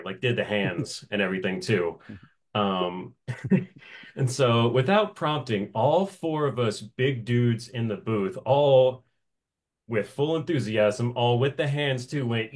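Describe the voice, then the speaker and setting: Laughing, easygoing male voice actor. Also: lowish voice. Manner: animated, laughs often between phrases. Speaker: voice actor guest. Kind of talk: casual interview storytelling.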